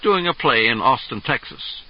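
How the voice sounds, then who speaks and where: A man's voice: mid-range voice, animated, normal speed, close to an everyday voice. A man voicing a middle-aged male actor in an earnest, defensive way, on a dull lo-fi 1970s tape.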